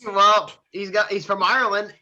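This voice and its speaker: A man's voice: high voice, level tone, normal speed, bright, forceful tone, muffled recording. A man co-hosting a podcast, rambling and laughing at his own jokes in casual banter. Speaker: podcast co-host.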